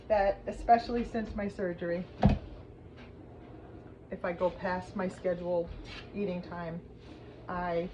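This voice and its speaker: A woman casually chatting through a slow cooker recipe in her home kitchen, rambling with lots of fillers and asides. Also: lowish voice, lo-fi sound, very noisy. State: teary from cutting onions. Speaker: home cooking vlogger. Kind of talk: casual cooking demonstration.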